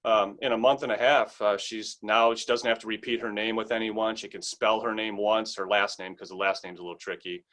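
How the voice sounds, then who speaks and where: A man's voice: lowish voice, fairly even intonation, brisk, few pauses, a bit bright. A middle-aged man from the United States, an English teacher, talking in a friendly, encouraging way as a guest in a casual interview. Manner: friendly and encouraging, explaining with examples.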